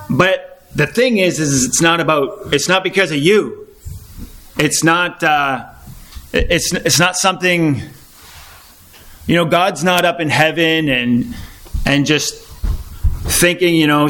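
A man preaching an informal sermon to a small congregation, talking conversationally with restarts and frequent throat clearing. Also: on the high side, a little slow, pushed and bright.

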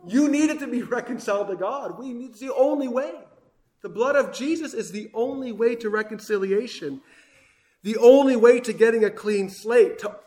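A man preaching a sermon with passion, swinging between loud emphasis and hushed asides. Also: high-pitched, roomy sound.

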